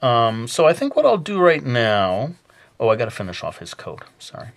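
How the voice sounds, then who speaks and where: A man's voice: medium pitch, very animated, normal speed, creaky. Man joking in a put-on Brooklyn accent. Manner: rambling and self-mocking, with many fillers. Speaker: drawing instructor. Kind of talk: casual drawing tutorial narration.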